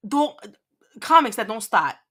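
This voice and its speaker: A woman's voice: fairly high pitch, big pitch swings, measured pace, pushed and bright. A woman hosting a casual livestream, reading chat aloud, teasing and laughing often, rambling with restarts. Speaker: livestream host.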